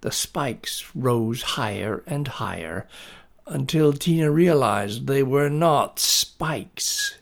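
A male storyteller reading a children's tale aloud, taking his time over each sentence. His voice is gravelly with plenty of creak, and his pitch sits in the middle range. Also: expressive. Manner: slow, deliberate storybook reading.

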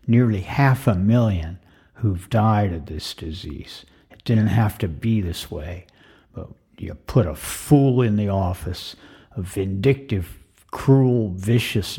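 A man's voice: on the low side, a little mellow, breathy edge. An older man in an impassioned, repetitive monologue, tearful with his voice cracking. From United States. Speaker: retired vlogger. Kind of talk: emotional monologue.

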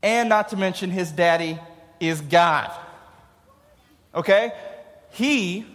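A man gives a casual, joking youth sermon and laughs at his own jokes. His voice is high, and it rings out with a long hall reverb. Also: takes it slowly, a bit bright. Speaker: youth pastor.

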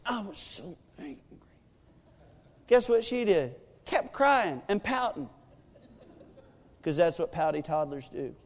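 A man in his thirties preaching a sermon, telling a family story with animated, acted-out quotes. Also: high voice, slow, pauses often, big-room sound. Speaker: pastor.

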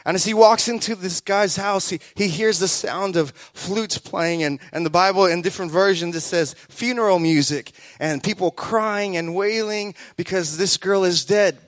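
A man with a notably high voice preaches a sermon, close and dry on the mic. He repeats key phrases, swells into loud exhortations, and slips into the voices of people in his stories. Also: normal speed, hardly any pauses, no echo. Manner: emphatic, repetitive, builds to loud exhortation; acts out quoted voices in the telling.

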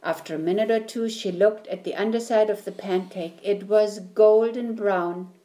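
A woman reading a children's story aloud, slowly and clearly. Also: medium pitch, mellow. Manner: slow, clear, deliberate reading.

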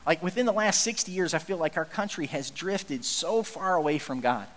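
A high-pitched man preaching a lively sermon, acting out the story and tossing in jokey asides. His voice carries a long reverb from a large church hall. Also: moderate pace. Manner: animated storytelling, acts out quotes, jokey asides. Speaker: pastor.

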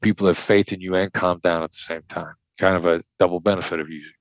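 Man, older, from the Midwest, low voice, emphatic, blunt, dry dull recording. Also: steady tone, fast, no room sound. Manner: emphatic, blunt, repeats key points. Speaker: interview guest, former hostage negotiator. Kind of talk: conversational explanation.

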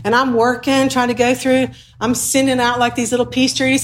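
A woman's voice: a little high, little pitch movement, a little fast. A woman preaching a sermon in a conversational, humorous way, acting out little dialogues as she teaches.

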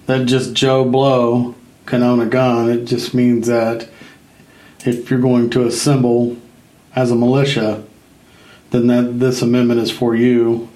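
A man with an average-pitched voice co-hosts a casual political talk show. He talks conversationally and pauses to search for words. His voice carries a noticeable room echo. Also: completely flat delivery, a little mellow. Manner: conversational, with hesitations. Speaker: podcast co-host.

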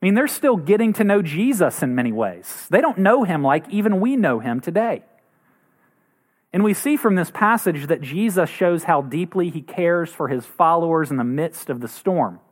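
Guy preaching a sermon, pastor voice, kinda high, earnest. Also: big pitch swings, moderate pace. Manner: earnest, acts out quoted voices with rising pitch.

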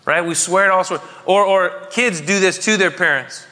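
Here the pastor's pitch is high and his delivery pushed and bright, at normal speed with almost no pauses. A man in his thirties, he jokes and converses with his congregation, frequently asking them questions, as the church hall's reverb lingers.

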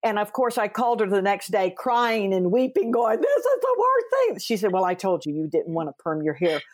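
A woman hosting an interview, an author who tells lively stories, acts out quoted dialogue and speaks earnestly from her faith. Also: medium pitch, a little fast. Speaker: podcast host and author. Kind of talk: conversational interview.

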